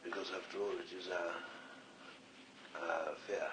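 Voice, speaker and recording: A man's voice: low voice, little pitch movement, moderate pace, a bit bright. A man with a slight Scottish accent speaking as a spirit communicator at a séance, earnest and rambling. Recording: echoey, distant old archive recording with faint hiss.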